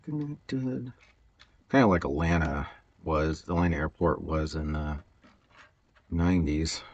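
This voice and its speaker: A man's voice: very deep voice, level tone, unhurried, muffled recording. A man chatting casually and rambling while he works on a Lego build, hesitant, with many fillers and stutters and frequent chuckles. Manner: chuckles often.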